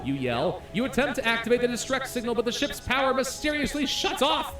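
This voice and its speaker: Excitable high-voiced gamer reading dramatically. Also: male voice, fairly quick, echoey room, far from the mic, soft background music. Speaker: gaming YouTuber. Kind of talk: let's-play commentary, reading the game text aloud.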